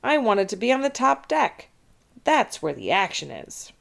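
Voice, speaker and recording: A woman reading a children's chapter book aloud, making the characters' lines higher and louder than the narration. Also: measured pace, gravelly. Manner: expressive, voices dialogue higher and louder. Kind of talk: read-aloud storytelling.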